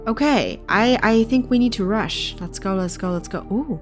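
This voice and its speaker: A woman's voice: medium pitch, expressive, moderate pace, few pauses. A woman game streamer reading a game aloud and chatting casually with viewers, often correcting herself. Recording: clear background music.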